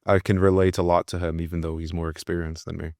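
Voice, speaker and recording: A man's voice: low-pitched, flat delivery, fast talker, no room sound, clean studio sound. A man who fights, speaking thoughtfully and candidly in a casual podcast conversation. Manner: thoughtful, candid, with soft laughs.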